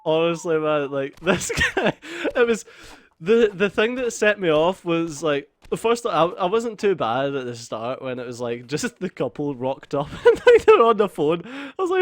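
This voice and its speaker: A man's voice: fairly high pitch, very animated, moderate pace, no echo. A young man hosting a let's play, telling a story in a casual, sweary way and laughing through it. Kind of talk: casual storytelling over gameplay.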